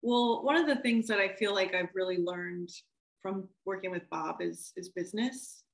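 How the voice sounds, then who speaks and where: A female film director chats casually in an interview, laughing and lively as she imitates what others said. She speaks at normal speed in a mid-range voice, recorded in low quality in an echoey room.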